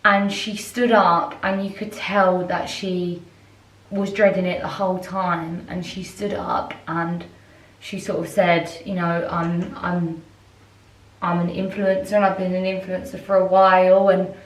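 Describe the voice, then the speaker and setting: Her voice is fairly low and flat, with a measured pace, as this woman in her 20s, who vlogs and owns a brand, talks casually into her phone camera. The chat rambles with lots of "like," and because she's in a hotel room sitting back from the mic, the sound is roomy and distant.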